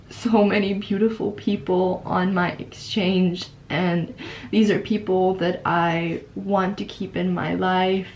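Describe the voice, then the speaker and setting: Young woman, earnest vlogger reflecting from her room; slow, lowish, tender delivery. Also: darkish tone, a little hiss or hum. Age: young adult. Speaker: exchange student vlogger. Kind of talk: heartfelt personal reflection.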